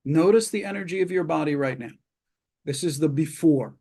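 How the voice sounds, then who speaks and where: Calm man guiding muscle relaxation. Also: a little high, creaky. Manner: slow, calm step-by-step cues with long pauses. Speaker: psychologist leading a webinar. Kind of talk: guided muscle relaxation instruction.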